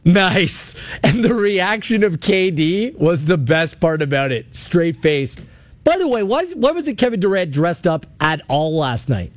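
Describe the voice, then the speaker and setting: A man hosting sports talk radio, chatty and animated, taking calls from listeners. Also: high-pitched, a little slow, dry recording. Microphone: studio mic.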